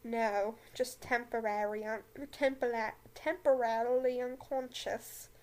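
Stern weary male professor, read by a woman, slow and solemn, still fairly high. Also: fairly even intonation, darkish tone, close to an everyday voice. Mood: curt.

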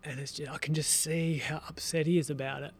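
A man's voice: fairly high pitch, a little fast, breathy edge. A man speaking as a lifestyle coach guest on a podcast, telling stories bluntly and with energy, swearing freely. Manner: animated, blunt storyteller who swears freely. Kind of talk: casual podcast chat.

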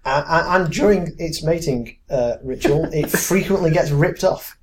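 A man with a Derbyshire accent that has some Manchester in it chats on a podcast. His delivery is dry and deadpan. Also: a little high, moderate pace, a little hiss or hum. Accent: Derbyshire with Mancunian. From England. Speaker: podcast co-host. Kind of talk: casual chat.

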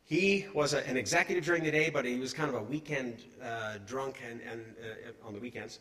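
A middle-aged man preaching a sermon in an animated, conversational way, asking his congregation questions. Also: mid-range voice, fairly quick.

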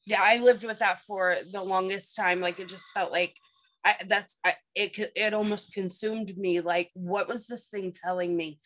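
A woman's voice: mid-range voice, fairly even intonation, moderate pace, a bit bright, poor audio. Rambling woman telling a story. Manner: rambling, repeats herself, many fillers. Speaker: guest telling a paranormal experience. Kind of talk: casual storytelling.

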